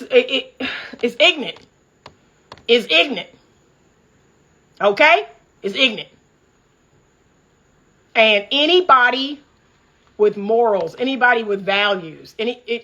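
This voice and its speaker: High bright fired-up woman. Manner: fired-up, preachy, laughs often, talks straight to viewers. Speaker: relationship coach. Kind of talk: casual commentary vlog. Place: upstairs room by a window at home.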